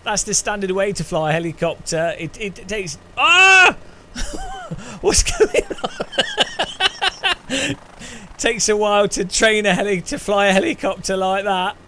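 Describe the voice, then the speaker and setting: A man's voice: high-pitched, steady tone, a little fast, hardly any pauses, a bit bright, slight background noise. A man hosting a gaming channel, chatting casually through his gameplay with cheeky jokes and frequent giggles. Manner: giggly, laughing often between remarks; cheeky, joking banter.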